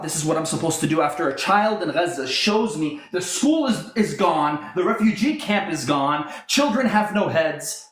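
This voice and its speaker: A man's voice: fairly high pitch, lively intonation, fairly quick. Bitter activist man in an echoey room. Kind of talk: impassioned speech.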